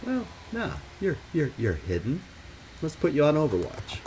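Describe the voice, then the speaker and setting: A man's voice: fairly high pitch, huge pitch swings, normal speed, noisy background. Man thinking aloud over a strategy game. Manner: thinking aloud while planning moves. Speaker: gaming channel host. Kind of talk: let's play commentary.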